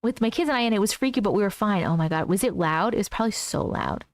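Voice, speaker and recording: A woman's voice: mid-range voice, expressive, very fast, no room sound, clean studio sound. A woman hosting a casual livestream at home, reading viewer comments aloud, easily spooked and laughing often. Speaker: host reading viewer stories. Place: home room.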